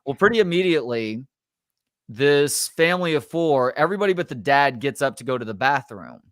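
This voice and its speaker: A middle-aged man, a sports talk show host, telling a story in a casual, animated and exasperated way, swearing now and then. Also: mid-range voice, fairly quick, no echo, clean studio sound.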